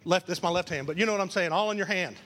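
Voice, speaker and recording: A man preaching a lively sermon as pastor, acting out quoted voices and repeating key lines for emphasis. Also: high voice, very fast, long reverb tail. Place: church.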